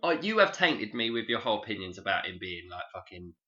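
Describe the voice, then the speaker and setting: Podcast co-host, very bright lively voice, casual swearing banter. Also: male voice, fairly low pitch, fast talker. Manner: animated, swears freely, laughs often. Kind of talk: casual chat. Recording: dull lo-fi sound.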